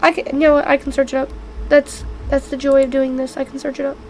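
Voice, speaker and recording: A woman's voice: high-pitched, level tone, fast talker, a little hiss or hum, rough recording. A woman running a tabletop game as game master, chatting casually and rambling.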